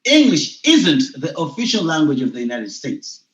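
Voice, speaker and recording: Ugandan teacher guy, fairly high voice, insistent, muffled roomy video call sound. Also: normal speed. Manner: animated, argumentative, insistent. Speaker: guest. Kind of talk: casual debate mixing Luganda and English. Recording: dull, echoey room sound.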